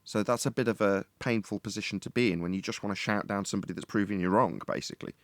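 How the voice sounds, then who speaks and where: A man's voice: on the low side, fast, no room sound. A man in casual debate chat, arguing at length and mocking opposing views. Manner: argumentative, mocking impressions of opponents.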